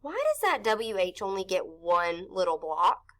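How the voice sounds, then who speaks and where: A woman's voice: mid-range voice, big pitch swings, a little slow, fairly bright tone. A woman teaching an early-grade phonics lesson, patiently sounding out letters and syllables for young children.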